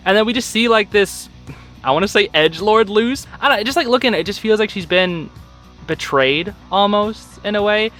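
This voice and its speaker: A young man giving a casual, excitable recap of a show episode, full of filler words. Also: sits high, brisk, faint music behind.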